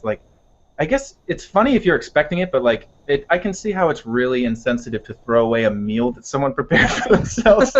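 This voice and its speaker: A young man co-hosting a podcast, telling a story in a laid-back way with casual swearing. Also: mid-range voice. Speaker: podcast co-host. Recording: dull lo-fi podcast audio.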